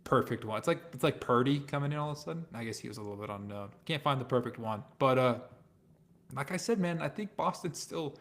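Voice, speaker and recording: This male guest on a casual sports podcast is outspoken and direct, frequently letting his remarks trail away softly. He speaks fast and animatedly at a medium pitch.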